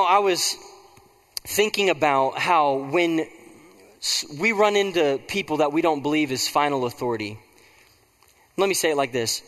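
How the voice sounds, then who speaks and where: High-voiced man preaching in a hall. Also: sharp tone. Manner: conversational preaching with call-and-response prompts. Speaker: pastor. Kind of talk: sermon.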